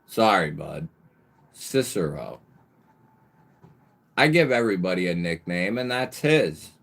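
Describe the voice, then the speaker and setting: A man hosting a casual live stream, greeting viewers by nickname with lively bursts of emphasis and the odd swear word. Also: deep voice, moderate pace, vocal fry. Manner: occasional mild swearing. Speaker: livestream host.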